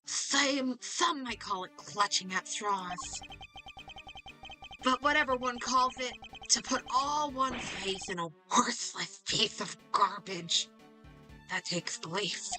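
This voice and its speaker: A woman's voice: a little high, expressive, slow, pushed and bright, faint music behind, exaggerated voice. A woman voicing a pompous, scheming older male villain, reading game dialogue aloud with a sneering, condescending manner.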